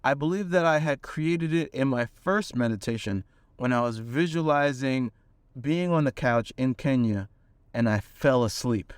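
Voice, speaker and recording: Young guy telling a story all earnest, smooth clear voice, dry close sound. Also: medium pitch, normal speed, no room sound. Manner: earnest, animated storytelling with fillers. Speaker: manifestation coach. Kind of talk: personal story to camera.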